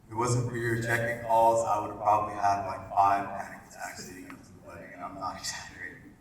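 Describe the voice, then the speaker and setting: A man's voice: lowish voice, completely flat delivery, quick pace. A young man giving a heartfelt wedding speech as the groom, earnest and emotional, with plenty of fillers. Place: large wedding reception hall. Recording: echoey hall from far off, noisy.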